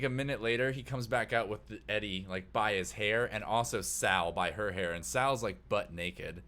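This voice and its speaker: A man's voice: fairly low pitch, moderate pace, few pauses, fairly bright tone. A man narrating a tabletop game as game master, casual, with many fillers.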